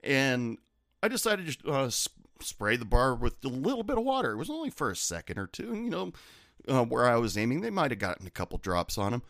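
A man's voice: medium pitch, very animated, fairly quick, a bit bright, no room sound, studio quality. A man, a bartender, telling stories from his bar in a casual, sardonic, profane way. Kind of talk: casual storytelling.

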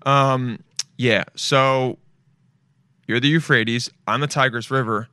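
A man's voice: mid-range voice, steady tone, slow pace, pauses often, sharp tone, clear, resonant tone, no room sound. A man hosting a solo podcast, rambling loosely and profanely and calling his listeners dude and bro. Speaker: podcast host.

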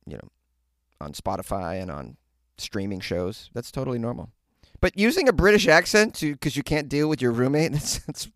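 A man's voice: mid-range voice, fairly bright tone, dry recording, clean studio sound. A man hosting a comic news podcast from a closet, wry and mocking as he riffs on stories. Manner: wry, mocking, laughs often. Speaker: comedian podcast host. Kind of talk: casual comic news commentary. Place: small closet.

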